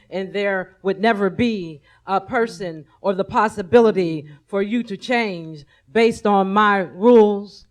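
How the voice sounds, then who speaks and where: A woman at a workshop giving an earnest, tearful spoken apology, slow and repeating her phrases. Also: medium pitch. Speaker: workshop participant.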